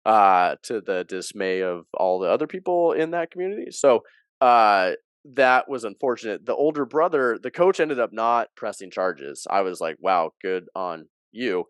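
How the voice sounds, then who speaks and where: A man's voice: lowish voice, moderate pace, clear, resonant tone, dry recording, studio quality. A man, an athletic director, telling a story in an interview and animatedly acting out what people said. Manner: animated storyteller who acts out quoted dialogue.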